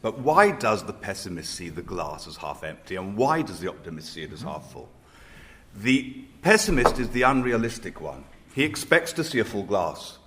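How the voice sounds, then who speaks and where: An Israeli rabbi on a panel speaks in a measured, reflective way, hesitating as he shares anecdotes. His voice sits on the low side, and there's slight background noise.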